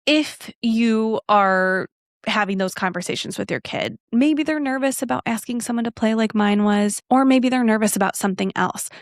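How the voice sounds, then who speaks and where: A woman hosting a casual solo podcast, telling a story in a chatty, animated way and acting out the dialogue. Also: medium pitch, no echo, clean studio sound. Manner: animated, acts out quoted dialogue; chatty with frequent fillers and asides. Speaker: podcast host.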